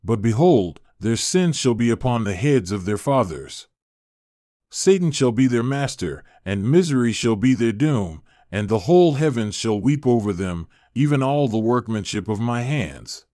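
A man voicing God as a stern, sorrowing eternal deity in a scripture reading, in grave, measured declarations. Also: mid-range voice, big pitch swings, mellow, dry recording, clean studio sound, close to an everyday voice.

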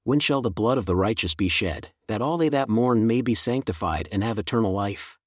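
A man's voice: fairly low pitch, fairly quick, dry recording, studio quality, lightly acted. A man voicing a male prophet who pleads earnestly with God in a solemn scripture reading. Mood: pleading.

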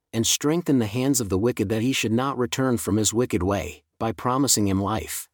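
A man reads scripture aloud at a measured, steady pace, easing off on the solemn refrains. His voice sits at an ordinary middle pitch. The sound is close and dry, with no room around it. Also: no echo. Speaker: Bible reader. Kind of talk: scripture reading.

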